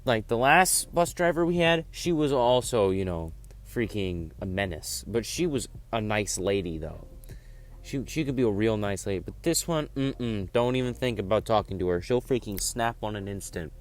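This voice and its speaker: A man's voice: on the low side, lively intonation, moderate pace. A teenage guy telling a school story casually, rambling with lots of fillers. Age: teens. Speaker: vlogger. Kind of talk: storytime vlog.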